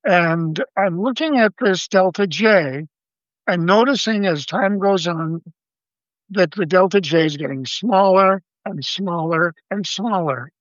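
An older man with a notably high voice tells a story at an even, measured pace. He brings the people in it to life by quoting them. The recording is dry and a little dull and lo-fi, with no room sound. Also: no echo. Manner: measured, vivid storyteller who quotes others. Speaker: astronomer guest. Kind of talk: storytelling interview answers.

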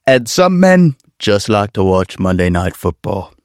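A man's voice: fairly low pitch, sing-song, a little slow, no room sound, clean studio sound. A man voicing a rambling man who delivers an earnest, absurd speech full of oddly specific lists.

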